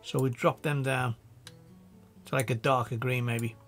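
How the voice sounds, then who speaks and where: A man with a Scouse accent giving a casual, chatty software tutorial, thinking aloud as he works. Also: mid-range voice, steady tone, measured pace, soft background music. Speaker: video editing tutor.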